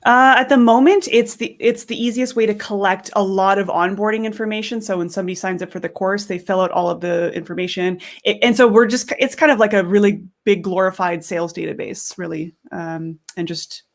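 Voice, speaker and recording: An upbeat Canadian woman chats as a guest over a video call. Her voice sits at a middle pitch, and she laughs often and restarts phrases as she talks. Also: steady tone, brisk, few pauses. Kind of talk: casual interview chat.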